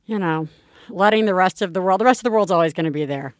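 A woman's voice: on the low side, quick pace, no echo, clean studio sound. Chatty, laughing woman podcast host. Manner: chatty, laughs often, reassuring. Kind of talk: casual chat.

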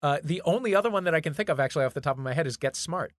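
Lively wry American host, dry sound. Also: male voice, a little high, racing, no room sound. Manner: wry, lively and teasing, with scripted asides. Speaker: comedy panel show host. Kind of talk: quick comic banter, hosting a panel.

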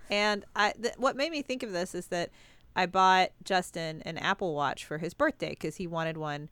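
A woman co-hosting a casual sisters' podcast, giggling and rambling, often trailing off before she finishes a thought. Her voice is smooth and clear at a middling pitch. The sound is close and dry, with no room around it. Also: unhurried, fairly bright tone, dry recording. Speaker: podcast co-host.

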